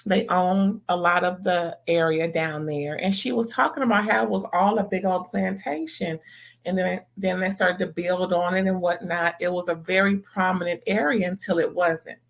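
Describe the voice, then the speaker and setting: A woman's voice: on the low side, fairly even intonation, moderate pace, vocal fry. A woman from California putting on a Southern accent, giving chatty, sassy reality TV commentary to her viewers. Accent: Southern US, put on. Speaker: reality TV reviewer. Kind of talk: casual commentary vlog.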